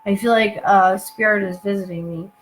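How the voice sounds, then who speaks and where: A young woman telling a personal story at home, halting, with many fillers and asides. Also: mid-range voice, fairly even intonation, slight background noise, rough recording. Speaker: channel host telling her story.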